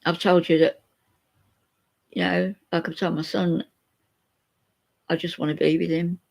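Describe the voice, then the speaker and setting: A woman's voice: fairly low pitch, level tone, unhurried, creaky, darkish tone. An older woman, chatting openly to viewers in a rambling way and reading out their comments. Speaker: vlogger chatting to live viewers. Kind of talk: emotional live chat.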